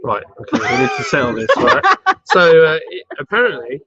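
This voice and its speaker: A man's voice: mid-range voice, very animated, brisk, crowd noise. Man, live stream host, playful banter, pub garden, muffled lo-fi audio. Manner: playful, bantering, reads chat aloud. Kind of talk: casual live stream chat. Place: outdoor pub garden, on a bench.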